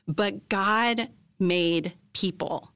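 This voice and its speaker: A middle-aged woman who leads women's ministry, telling a personal story in a conversational podcast and acting out quoted lines in a high voice. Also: extremely slow, a bit bright, no room sound. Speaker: guest, women's ministry leader.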